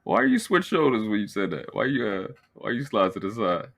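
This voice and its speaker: A man's voice: lowish voice, huge pitch swings, fairly quick, vocal fry, a bit bright. A man with a Baltimore accent, teasing and bantering in a casual panel chat. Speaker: panel co-host.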